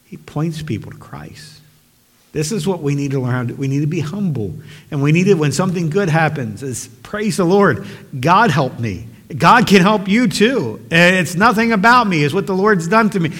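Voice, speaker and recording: A man delivers a sermon with earnest, emphatic conviction, pressing his points home and rising to forceful exhortation. His voice sits a little high for a man. The sound rings with the long reverb of a large hall. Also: lively intonation, normal speed. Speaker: preacher.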